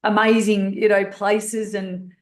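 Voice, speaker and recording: A woman's voice: medium pitch, slow pace. Blunt Australian woman in an echoey room. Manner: blunt, swears freely, animated storyteller. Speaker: guest speaker and author. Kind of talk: candid podcast storytelling.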